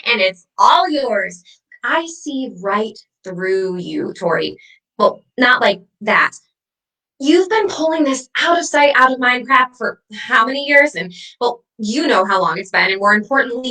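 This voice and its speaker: A woman acting as a vengeful ghost who haunts her ex, taunting them with sharp, mocking wordplay in a comedy sketch. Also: fairly high pitch, lively intonation, measured pace, far from the mic, exaggerated voice, low-quality recording.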